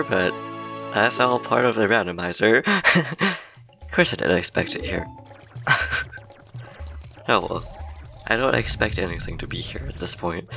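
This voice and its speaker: A man's voice: lowish voice, vocal fry. A young man giving casual, rambling let's-play commentary, laughing often as he plays. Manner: chatty, giggly, rambling. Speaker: gaming YouTuber. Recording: game music playing under the voice.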